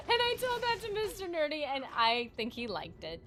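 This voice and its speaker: A woman's voice: sits high, huge pitch swings, normal speed, fairly bright tone, a little hiss or hum. A woman livestreaming a video game, chatting with her viewers in a giggly, rambling and playful way, teasing them and her partner. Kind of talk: casual gaming livestream chat.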